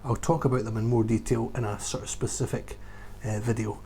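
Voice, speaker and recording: A man's voice: medium pitch, level tone, brisk, mellow, a little hiss or hum. A man working as a whisky tour guide, talking through favourite whiskies in a casual, enthusiastic and emphatic vlog recorded indoors at home. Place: indoors at home beside a shelf.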